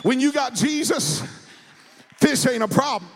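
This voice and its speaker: A male pastor preaching a sermon, shouting in a sing-song cadence and stammering repeated words. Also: very high-pitched, animated, measured pace, some chatter behind, slight background noise. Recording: reverberant church hall.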